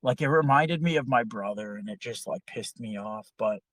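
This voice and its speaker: A man's voice: mid-range voice, moderate pace, no room sound. Profane, exasperated storytelling man. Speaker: podcast host. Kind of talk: casual storytelling.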